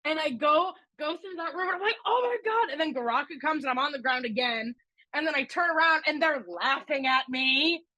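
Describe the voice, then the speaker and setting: A woman with a bright, high-set voice co-hosts a casual podcast, gushing excitedly as she tells her stories. Her voice is recorded close and dry, with no room sound. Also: fairly quick, no room sound. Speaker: podcast co-host. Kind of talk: casual podcast chat, ranking attractions.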